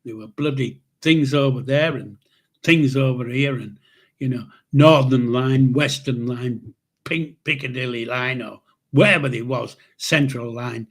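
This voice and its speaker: Husky older Yorkshire man telling stories. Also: medium pitch, a little slow. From Yorkshire, England. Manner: rambling, swears casually, many restarts. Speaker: channel host. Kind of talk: casual storytelling of memories.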